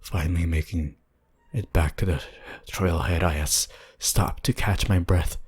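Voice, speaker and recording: A man narrating a horror story in a hushed, tense, deliberate way. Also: deep voice, fairly even intonation, slightly rough.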